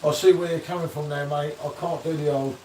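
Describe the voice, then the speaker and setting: A man's voice: on the high side, fairly even intonation, fast talker, darkish tone, slight background noise. A man hosting a casual live beer-review stream, bantering and reading out viewer comments. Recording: echoey room, distant from the mic.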